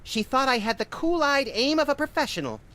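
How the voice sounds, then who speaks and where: A wild little cartoonish creature from a video game, voiced by a man, sardonic and wildly self-absorbed. The voice is bright and sharp, swinging up and down as he talks. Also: extremely high pitch, sing-song, fairly quick, exaggerated voice. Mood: smug. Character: manic, egotistical small rabbit-like creature.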